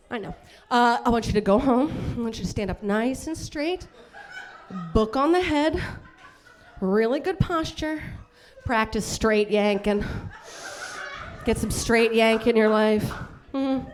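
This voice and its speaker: A woman's voice: on the high side, takes it slowly, pauses often. A woman performing a bawdy live stand-up set in a comedy club, brash and laughing at her own jokes.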